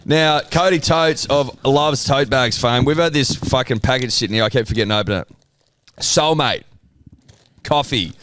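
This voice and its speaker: A man's voice: mid-range voice, normal speed, a bit bright, a little hiss or hum. An Australian man co-hosting a podcast, joking and swearing through casual banter at a studio mic. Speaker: podcast co-host. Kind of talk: casual chat.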